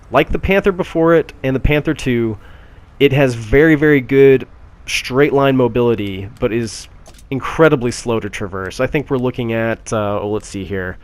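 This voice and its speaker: A man giving casual gameplay commentary on a tank game, chatty with frequent fillers and restarts. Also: mid-range voice.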